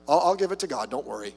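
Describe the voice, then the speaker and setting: Slightly high, with vocal fry, a somewhat mellow quality, and a breathy edge, a pastor's voice carries a conversational sermon full of rhetorical questions and jokes. Long hall reverb colors the recording.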